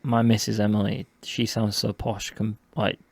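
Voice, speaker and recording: Gravelly man from Yorkshire, casual. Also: on the low side, flat delivery, moderate pace, a little mellow, dry recording. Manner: informal, says "like" a lot. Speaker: podcast guest. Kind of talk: casual chat.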